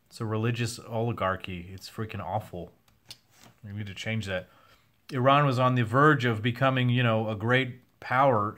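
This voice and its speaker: A man's voice: on the low side, fairly bright tone. Man with a tired voice hosting a livestream. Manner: candid, swears now and then, reads chat questions aloud. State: losing his voice. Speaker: host answering viewer questions. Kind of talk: casual livestream Q&A.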